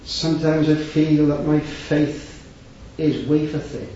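A man preaching a heartfelt sermon, swinging between loud raised passages and hushed low ones, with scripture quoted in old wording. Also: level tone, slow, slight background noise. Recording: echoey hall, distant mic, dull lo-fi sound.

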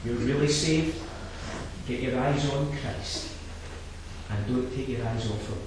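A man preaching a sermon, swinging from low quiet asides to loud impassioned climaxes and repeating his key phrases. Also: measured pace. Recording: very echoey, from a distance, faint background noise.

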